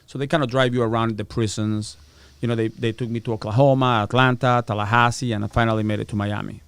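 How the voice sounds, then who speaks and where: A man's voice: mid-range voice, fast, clear, resonant tone, no room sound. A middle-aged man, casually telling a story and acting out the voices of the people in it. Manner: animated, acts out other people's voices, swears. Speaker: guest telling his prison story.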